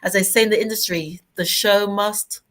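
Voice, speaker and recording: Bubbly British host, playful chatter over a video call. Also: female voice, mid-range voice, steady tone, moderate pace, a bit bright, a little hiss or hum. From Britain. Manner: bubbly, playful, laughs often. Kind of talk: online talk show hosting.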